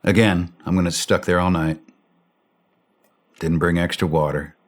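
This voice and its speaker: A man telling a war story in a blunt way, swearing freely and acting out the shouted radio calls. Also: deep voice, steady tone, a little slow. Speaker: interview guest.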